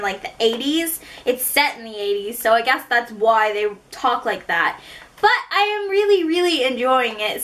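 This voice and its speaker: Woman, Canadian accent, high pitch, bright tone, chatty book vlogger, rambling asides. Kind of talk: casual book haul chat.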